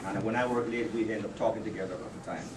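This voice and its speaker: A man giving a casual farewell speech at a work party, chatty and jokey, halting often with fillers, reading part of it from his notes. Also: fairly low pitch, fairly even intonation. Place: office party room. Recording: echoey room, distant mic, noisy.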